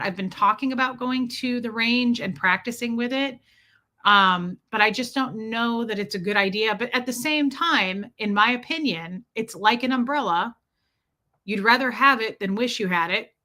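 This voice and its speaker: A woman talks casually on a live stream, telling a personal story in a candid, rambling way. She keeps breaking off to greet viewers by name. Her voice is bright and forceful, sitting in a middle pitch. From lives in Tennessee. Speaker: live-stream host reading viewer chat.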